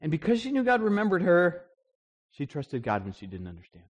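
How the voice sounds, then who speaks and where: A man preaching a sermon in a conversational, animated storytelling way, with frequent restarts. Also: high-pitched, fairly quick, lo-fi sound. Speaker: pastor.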